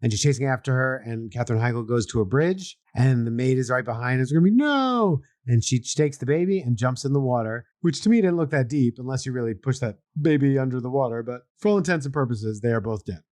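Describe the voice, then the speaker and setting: A man co-hosting a casual podcast, walking through a TV episode's plot. He tells it with animation, dropping into quick put-on voices for the characters. His pitch sits in the middle, and the sound is dry and close with no room echo. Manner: animated storyteller, acts out lines in put-on voices. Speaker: podcast co-host. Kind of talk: casual chat recapping a TV episode.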